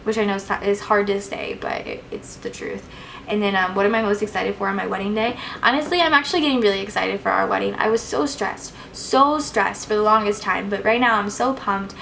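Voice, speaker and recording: A woman's voice: medium pitch, brisk, gravelly, fairly bright tone, a little hiss or hum, low-quality recording. A young woman answering viewer questions in a casual vlog, chatty and gushing, with plenty of "like"s and fillers. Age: young adult. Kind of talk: casual Q&A chat.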